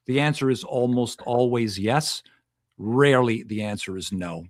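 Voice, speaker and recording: A man's voice: mid-range voice, normal speed, no echo, studio quality. A man who works as a past life regression hypnotist, answering as a podcast guest and explaining at length, often repeating and restarting phrases.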